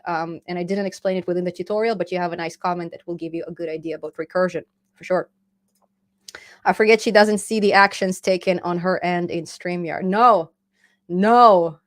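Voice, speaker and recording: A woman hosting a casual live-stream chat about programming, chatty and laughing often as she reads viewer comments aloud. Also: medium pitch. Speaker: programming channel host.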